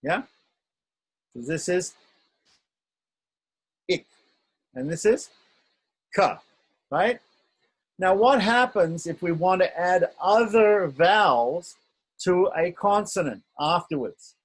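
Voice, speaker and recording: Male teacher, slightly high and husky voice, patient, repeats sounds and checks in with "right?". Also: animated, takes it slowly, low-quality recording. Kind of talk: online script lesson.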